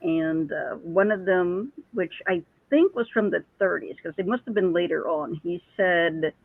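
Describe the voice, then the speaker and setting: A psychic medium appears as a guest, chatting casually and telling stories with lots of restarts. Her voice is gravelly, on the low side, and a little slow, carried over a dry, tinny phone line.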